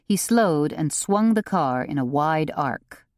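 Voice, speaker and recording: A woman narrating a cozy mystery audiobook in an expressive, unhurried reading. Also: deep voice, no room sound, studio quality. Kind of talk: scripted narration.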